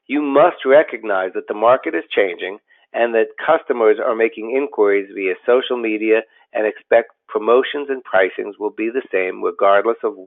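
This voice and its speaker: Man presenting a webinar over tinny audio. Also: lowish voice. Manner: steady, explanatory, with occasional fillers and restarts. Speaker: company president presenting a business webinar.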